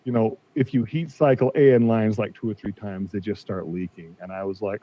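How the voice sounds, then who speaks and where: Brisk and expressive, with hardly any pauses, a man of medium pitch and mellow tone casually relates a dispute as a podcast guest. He collects cars, is in his forties, and acts out the back-and-forth he had with others. The audio is dry and a bit dull.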